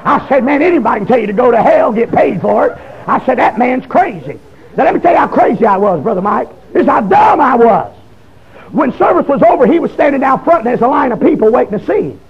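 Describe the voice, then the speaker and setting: A man, preaching a testimony sermon in a folksy storytelling way that breaks into shouting. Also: very high-pitched, big pitch swings, fast, vocal fry, slightly rough. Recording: dull lo-fi recording.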